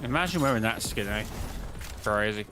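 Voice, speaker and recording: A man's voice: fairly low pitch, expressive, moderate pace, heavy background noise. A man streaming and chatting casually about game-lore theories, rambling, restarting himself and answering his chat. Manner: rambling, talks to chat, frequent restarts and self-corrections.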